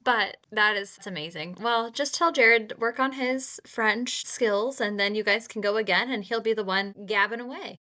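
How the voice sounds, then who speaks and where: A woman co-hosting a podcast in casual chat, giggly and quick to react. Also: medium pitch, pushed and bright. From United States. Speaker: podcast co-host.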